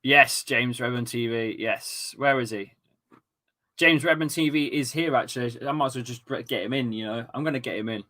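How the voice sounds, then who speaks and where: A young man hosting a football watchalong, commentating on the live match and chatting, excitable with sudden shouts and swearing. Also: mid-range voice, moderate pace.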